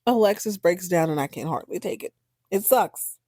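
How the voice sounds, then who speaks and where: A sassy, animated woman recaps a TV drama in casual commentary, her voice warm and mellow. She breaks into exaggerated voices. The sound is dry and close. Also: fairly low pitch, moderate pace, no room sound. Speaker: podcast host recapping a TV drama.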